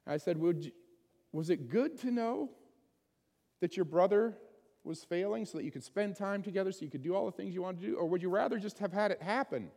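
A man's voice: high voice, animated, brisk, darkish tone, in a large hall. A man preaching a sermon in a conversational way, often putting questions to his listeners. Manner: conversational, asks the congregation many questions. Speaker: pastor.

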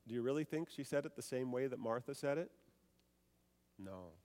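A man's voice: medium pitch, expressive, normal speed, a little mellow, in a large hall. A man preaching a sermon, reading scripture aloud, then explaining it and putting rhetorical questions to his listeners.

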